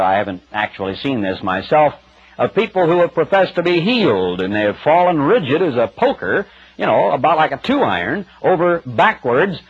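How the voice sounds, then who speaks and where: A male radio preacher delivering a sermon in plain, emphatic everyday speech, his pitch rising and falling a great deal. His voice sits a little high. The sound is dull and lo-fi, with faint music underneath. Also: slightly rough. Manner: plain-spoken, emphatic, conversational. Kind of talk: broadcast sermon.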